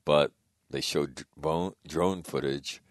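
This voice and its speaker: A middle-aged man hosting a talk radio show, telling stories in a casual, animated way, swearing freely and loudly acting out other voices. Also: a bass voice, slow pace, no echo, clean studio sound.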